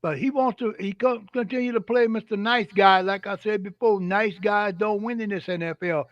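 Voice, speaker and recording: An older man co-hosting a sports show, speaking in a halting, measured way and stumbling over his words. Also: sits high, steady tone, no room sound. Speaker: co-host. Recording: dull lo-fi dry sound.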